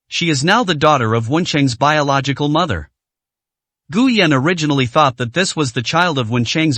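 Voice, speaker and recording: A man's voice: fairly high pitch, fairly bright tone, no room sound. A man narrating a translated romance story in a scripted storytelling style.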